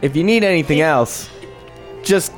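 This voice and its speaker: A podcaster playing an overly attentive male restaurant waiter who hovers with a creepy smile, in an everyday voice, with loud music behind. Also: mid-range voice, moderate pace, lightly acted. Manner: eerily solicitous, hovering.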